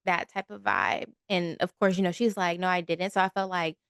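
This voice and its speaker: A woman's voice: fairly low pitch, steady tone, moderate pace, fairly bright tone, clear, resonant tone, dry recording, clean studio sound. A woman co-hosting a podcast, chatting casually about a movie and acting out quotes from it. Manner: conversational, laughs easily, acts out quotes. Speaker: podcast co-host. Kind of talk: casual movie recap chat.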